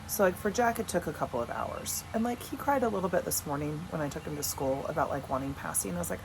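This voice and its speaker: A woman in her thirties talks straight to camera in a loose, chatty vlog, frank and unbothered, dropping the odd swear. Her voice sits on the lower side, and a faint hum of the house can be heard behind her. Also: expressive, fast, creaky, hardly any pauses. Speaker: vlogger and coach. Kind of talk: casual direct-to-camera vlog. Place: at home with dogs.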